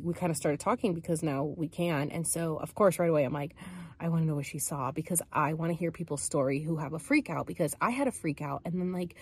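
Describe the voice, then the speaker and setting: Chatty husky young woman telling a story. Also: deep voice. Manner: chatty, heavy use of "like", acts out quotes. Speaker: podcast host. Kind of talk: casual storytelling monologue.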